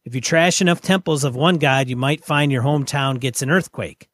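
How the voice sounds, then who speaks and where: A man co-hosting a casual podcast, reading listener mail and giving measured, opinionated takes. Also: medium pitch, a bit bright, no room sound. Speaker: podcast co-host.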